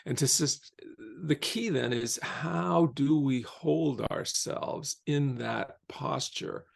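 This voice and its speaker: Man, philosophy professor as guest, measured and thoughtful, gravelly voice. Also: fairly high pitch. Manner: thoughtful, measured, slows down on key phrases. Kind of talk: reflective conversational explanation.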